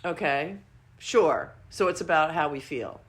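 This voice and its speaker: A woman's voice: low voice, expressive, a little slow. A woman co-hosting a podcast, talking bluntly and candidly in casual conversation and swearing freely. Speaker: podcast co-host.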